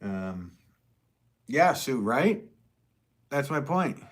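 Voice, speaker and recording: A man's voice: medium pitch, big pitch swings, drawn-out words. A man who is a potter, chatting casually with viewers on a live stream, rambling and chuckling often as he reads comments.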